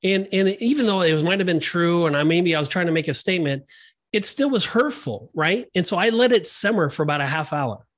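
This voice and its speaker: A man's voice: high-pitched, a little fast, fairly bright tone. A middle-aged man co-hosting a Christian podcast, telling personal stories in an earnest, conversational way with frequent restarts. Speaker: podcast co-host. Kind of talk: Christian discipleship podcast chat.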